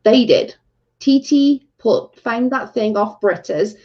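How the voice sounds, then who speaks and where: A woman's voice: a little high, animated, takes it slowly. A woman hosting a casual livestream, ranting in exasperation and saying "like" a lot. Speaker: livestream host. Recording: dull lo-fi stream audio.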